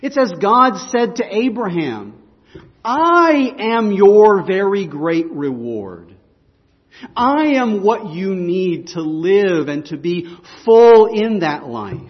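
Male pastor, high voice, measured delivery, earnest preaching; dull recording with long hall reverb. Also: very animated. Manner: earnest, emphatic preaching with repeated restarts. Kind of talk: sermon.

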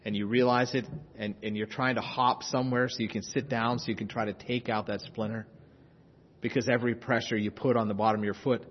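A male pastor delivers an impassioned sermon, rising to urgent loud passages and dropping to hushed intensity. His voice is a little husky, and it rings with long reverb in a large room. The recording sounds dull and muffled. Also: medium pitch, flat delivery, brisk.

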